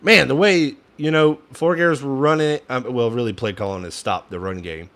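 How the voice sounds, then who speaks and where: A man's voice: medium pitch, fairly quick, fairly bright tone. A young man giving casual fan play-by-play commentary, frustrated and ranting at the play calling, sometimes swearing.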